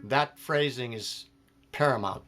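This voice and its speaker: A man's voice: medium pitch, a little slow. A man giving a jazz piano lesson, explaining phrasing step by step and counting beats aloud. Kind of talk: spoken music lesson. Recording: loud piano playing behind the voice.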